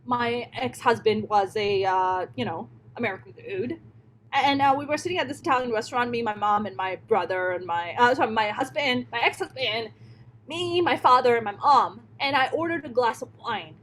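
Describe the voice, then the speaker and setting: A woman's voice: on the high side, moderate pace, fairly bright tone, a little hiss or hum, rough recording. A woman comedian telling a personal story in an interview, blunt and emphatic, swearing often. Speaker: stand-up comedian, guest.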